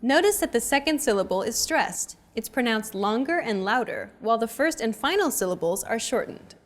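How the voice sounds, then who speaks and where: A young adult woman hosting a language lesson in an upbeat, clear teacherly delivery. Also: fairly high pitch, expressive, moderate pace. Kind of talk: scripted lesson narration.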